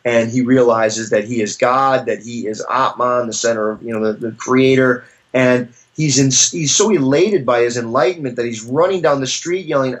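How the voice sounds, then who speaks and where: A man's voice: medium pitch, normal speed, hardly any pauses. A man, a professor, talks through philosophical ideas in a conversational interview, searching for his words and reaching for stories to make his points. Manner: thoughtful, searching, with frequent restarts and storytelling asides.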